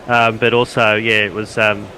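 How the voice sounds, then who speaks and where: Hesitant, bright-voiced male co-commentator. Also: fairly low pitch, level tone, slight background noise, low-quality recording. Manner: halting, many fillers and restarts. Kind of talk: casual commentary chat.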